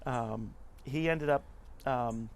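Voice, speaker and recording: A man's voice: mid-range voice, takes it slowly. Chatty middle-aged man telling stories. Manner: chatty, animated storyteller who acts out quotes. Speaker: interview guest, nonprofit club leader. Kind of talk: casual storytelling interview.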